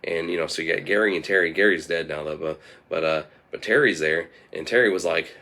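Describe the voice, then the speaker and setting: A man's voice: deep voice, a little fast, sharp tone. A man telling an improvised comic story in a meandering way, with lots of fillers and restarts.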